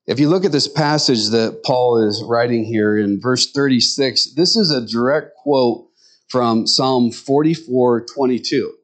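A man's voice: mid-range voice, a little slow. A man preaching a Sunday sermon, animatedly acting out the voices of the people in the scriptures he reads. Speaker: pastor.

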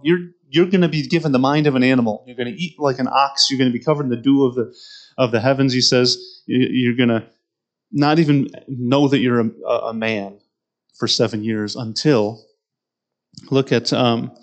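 A man preaching a sermon who reads scripture aloud and then explains it directly to his listeners, often repeating words as he goes. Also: mid-range voice. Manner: repeats words and restarts mid-phrase.

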